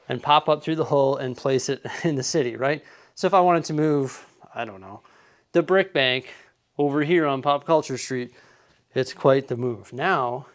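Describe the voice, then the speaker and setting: Man, vlog host, easygoing and chatty, slightly winded, mid-pitched voice. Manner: chatty, laughs at himself. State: out of breath. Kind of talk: casual vlog talk. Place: indoor hobby room.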